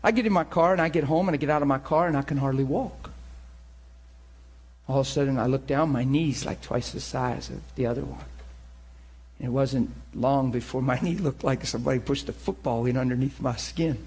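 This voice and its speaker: A man preaching and telling his own story in a sermon, with animated storytelling that rises to shouts. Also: medium pitch, a little fast, husky. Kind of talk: sermon testimony.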